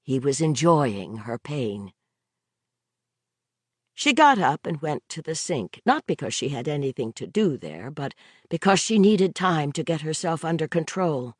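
Woman audiobook narrator, measured and expressive, dry studio sound. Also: low-pitched, slightly rough, dry recording. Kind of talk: scripted narration.

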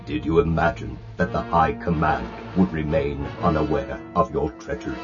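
A male narrator puts on a menacing masked lord who speaks in a deep, cold voice. The pitch sits extremely low. It is a muffled, lo-fi audiobook recording with music playing underneath. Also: steady tone, moderate pace. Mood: threatening.

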